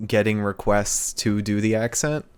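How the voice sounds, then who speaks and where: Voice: mid-range voice, moderate pace, clear, resonant tone. A podcast co-host in casual live-stream chat, laid-back and often laughing, explaining the donation rules.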